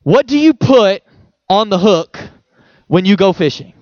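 A man's voice: high-pitched, animated, unhurried, darkish tone, dry recording, muffled recording. A male pastor giving a sermon in a conversational, playful way, with homely examples.

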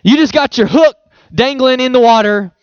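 A man's voice: very high-pitched, normal speed, clear, resonant tone, dry recording, dull audio. A male pastor giving a sermon in a conversational, playful way, with homely examples.

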